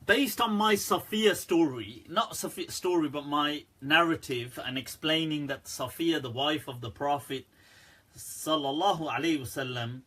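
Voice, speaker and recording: Chatty, laughing man with a bright, husky voice. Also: a little high, moderate pace. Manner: chatty and joking, laughs often, says "right" and "people". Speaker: Islamic scholar answering questions. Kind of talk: casual livestream Q&A talk.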